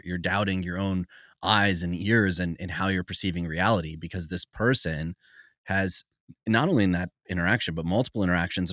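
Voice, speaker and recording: A man hosting a podcast conversation, measured and explanatory, laying out his reasoning step by step. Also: sits low, a bit bright, no room sound, clean studio sound. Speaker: podcast host.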